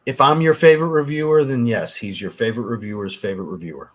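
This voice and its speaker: A man who reviews fragrances runs a laid-back livestream, going through super chats, chatting with and thanking viewers, with the odd swear. He talks fast in a mid-range voice.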